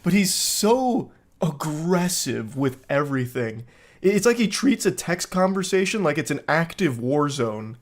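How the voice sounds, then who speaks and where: A man's voice: on the high side, sing-song, a little slow. A man reading text messages aloud and mocking them in dry, sarcastic comedy commentary, swearing freely. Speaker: commentary host.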